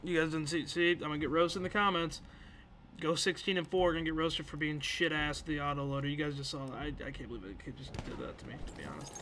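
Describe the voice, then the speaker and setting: A man's voice: fairly high pitch, fast, sharp tone. A young man giving live commentary over his own gameplay, hyped, swearing and poking fun at himself. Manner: hyped, swearing, self-mocking banter. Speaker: gaming YouTuber. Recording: gunfire noise behind. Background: game gunfire and explosions.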